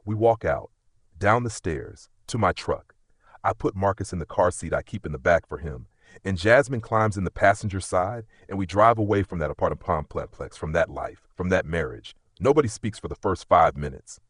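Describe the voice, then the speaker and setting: A man's voice: low-pitched, moderate pace, a bit bright, breathy edge, no room sound, studio quality. A man narrating a dramatic first-person story with an intense, emotional delivery.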